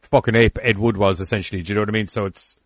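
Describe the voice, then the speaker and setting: A man's voice: lowish voice, fairly even intonation, very fast, no echo. A man co-hosting a podcast in casual chat, swearing and riffing animatedly. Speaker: podcast co-host. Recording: lo-fi dry recording.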